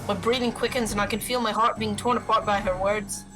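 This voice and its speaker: A woman streamer reading a story game aloud with expressive commentary and swearing. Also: medium pitch, music in the background, rough recording. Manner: expressive, swearing, quick reactions.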